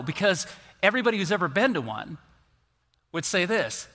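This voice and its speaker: A fifty-something male pastor preaches with a bright, forceful voice that rides a little high. His storytelling is animated and playful, and the sound carries a long hall reverb. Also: fairly quick, long pauses. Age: 50s. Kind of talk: sermon. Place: church sanctuary.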